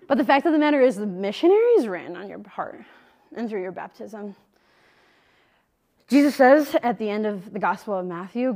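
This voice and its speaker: Young woman, missionary speaker, faith talk to a group, casual and emphatic, some vocal fry. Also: medium pitch, darkish tone. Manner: conversational and emphatic, speaks straight to listeners.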